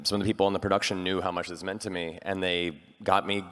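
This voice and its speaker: A man with a very low voice tells an eager, animated anecdote as a panel guest. His mic carries a long reverb from a large hall. He talks casually, building the story up. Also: fast. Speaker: voice actor on a convention panel.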